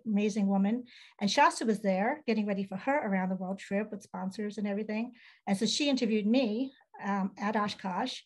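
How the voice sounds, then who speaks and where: A woman's voice: medium pitch, poor audio. A woman who writes children's books, telling a story in a casual interview and acting out the dialogue she quotes. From Ohio. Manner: animated, acts out quoted dialogue. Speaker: children's book author.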